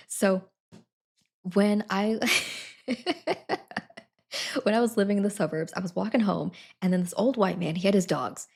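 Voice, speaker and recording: Chatty, husky-voiced woman streamer. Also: mid-range voice, a little mellow. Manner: chatty, giggles between sentences. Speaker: Twitch streamer. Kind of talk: casual chat to a live stream audience.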